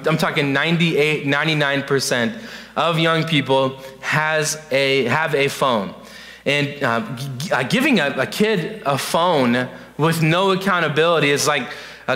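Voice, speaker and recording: A man delivers an earnest youth pastor's talk, his voice bright and a little higher than most. He stops to repeat his points and fills gaps with "uh". The sound rings with the long reverb of a church sanctuary.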